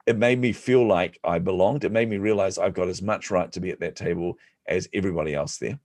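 A man, a podcast guest, telling stories in an animated, self-deprecating way and acting out the voices of people he quotes. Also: deep voice, brisk, dry recording. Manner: self-deprecating humor, frequent laughs. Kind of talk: storytelling in an interview.

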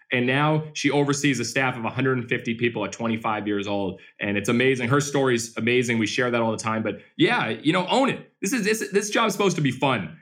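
A man who owns a baseball team, answering interview questions as an energetic, animated storyteller. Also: medium pitch.

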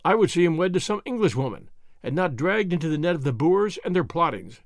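Grave, righteous older father, played by a man, measured and solemn, animated pitch. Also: dry recording, studio quality.

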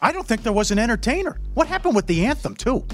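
A man co-hosting a sports betting show, talking in a casual, animated way with jokey outbursts. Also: very high voice, fast, soft background music. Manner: animated, jokey, loud bursts when mocking.

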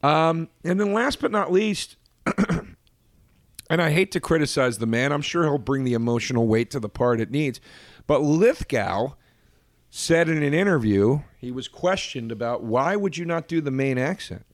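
A man co-hosting a podcast in casual chat, animated, often restarting sentences and jumping up in pitch for emphasis. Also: measured pace, no room sound, studio quality. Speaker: podcast co-host.

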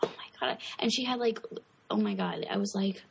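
A woman in her twenties co-hosting a casual podcast, telling animated stories full of "like". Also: mid-range voice, normal speed, gravelly, background noise. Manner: animated storyteller, heavy use of "like". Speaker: podcast co-host.

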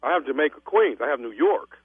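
A man on a phone call posing as a travel agent, calm but stammering and stubborn. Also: medium pitch, fast, husky, dry recording. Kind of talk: radio prank call. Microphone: telephone. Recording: tinny dry phone line.

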